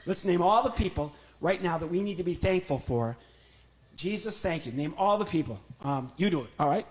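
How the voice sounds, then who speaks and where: A man's voice: fairly high pitch, lively intonation, normal speed, darkish tone. A ventriloquist comedian from Illinois, a man doing a chatty, joking live act on a church stage and talking to his puppet.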